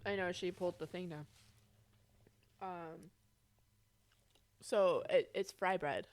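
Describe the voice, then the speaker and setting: A woman's voice: lowish voice, fairly even intonation, takes it slowly, background noise. A young woman co-hosting an unedited podcast, talking loosely and laughing as she eats. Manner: loose, rambling, laughs often. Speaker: podcast co-host. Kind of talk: unedited casual chat.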